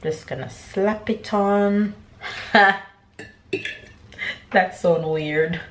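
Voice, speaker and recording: A woman's voice: medium pitch, very slow. Young woman, family vlogger, chatty step-by-step narration, echoey kitchen. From Jamaica. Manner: chatty, narrates each step as she goes. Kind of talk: casual chat to camera. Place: home kitchen. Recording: echoey kitchen with clattering dishes.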